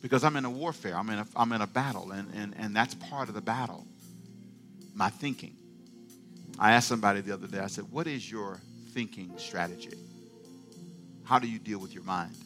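Bright-voiced preacher building to fervent shouts. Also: male voice, on the low side, fairly quick, soft background music. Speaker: pastor. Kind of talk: sermon.

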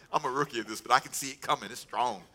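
A middle-aged man preaching a sermon as pastor, animated and humorous, with asides. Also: medium pitch.

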